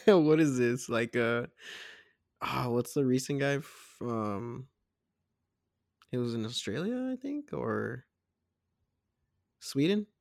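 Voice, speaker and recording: A young man co-hosting a casual podcast, amused and teasing, quick to laugh. His voice is gravelly with a lot of fry. The recording is very dry, with no room sound at all. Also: medium pitch, sing-song, dry recording. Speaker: podcast co-host. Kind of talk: casual chat.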